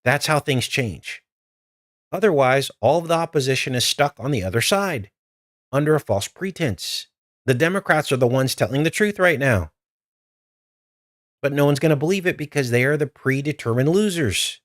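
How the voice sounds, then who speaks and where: A man's voice: mid-range voice, animated, moderate pace, fairly bright tone, no room sound, studio quality. A man hosting a live stream, talking straight to his viewers in an urgent, earnest way. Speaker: livestream host.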